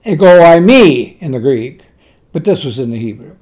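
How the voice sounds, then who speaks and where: A man preaching a sermon, teaching slowly and deliberately with emphatic pauses. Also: fairly high pitch, very animated, a little mellow.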